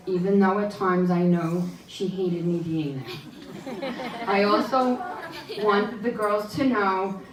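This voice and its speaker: A middle-aged woman at mid pitch gives a banquet speech in a chatty, self-deprecating way. Her voice rings through an echoing hall and is picked up from a distance. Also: a little hiss or hum. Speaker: board member giving a speech. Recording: echoey hall from far off.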